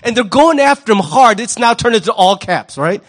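A male pastor preaching a sermon in an animated, wry way, often jumping into quoted voices. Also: high voice, normal speed.

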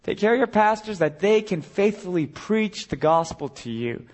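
Earnest, animated male preacher. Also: high-pitched, moderate pace. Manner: earnest, rising to impassioned cries. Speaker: guest preacher. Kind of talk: sermon.

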